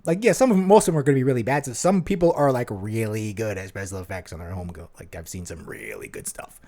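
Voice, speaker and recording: A rambling male podcast co-host in his forties, his voice gravelly with plenty of fry. He talks in loose, filler-heavy chat, swings widely in pitch, and curses freely. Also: big pitch swings, fast talker, dark tone. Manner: rambling, profane, lots of fillers. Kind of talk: casual chat.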